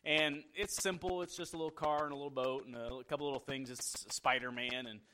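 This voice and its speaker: A man's voice: medium pitch, fairly even intonation, brisk, pushed and bright, low-quality recording. A man in his thirties casually telling a family story, chatty and acting out his son's lines.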